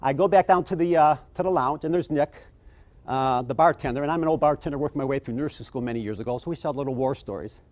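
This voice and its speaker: A middle-aged man giving a conference keynote, telling stories and acting out the people in them. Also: quick pace. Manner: animated, acts out quoted people with big pitch jumps. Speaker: keynote speaker.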